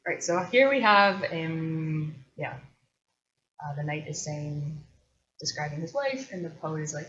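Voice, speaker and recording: Low-voiced woman musing casually, lo-fi. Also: expressive, measured pace, fairly bright tone. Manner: chatty and thoughtful, with loose asides. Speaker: host. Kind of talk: casual solo commentary. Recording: dull lo-fi recording.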